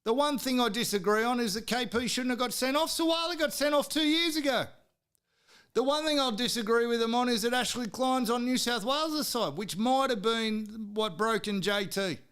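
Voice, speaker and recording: A high-voiced Australian man rants about sport on his podcast. His voice is smooth and clear, even as he swears hard and now and then shouts. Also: normal speed. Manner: heated, swearing, sometimes shouting. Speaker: podcast host. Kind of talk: profane sports rant.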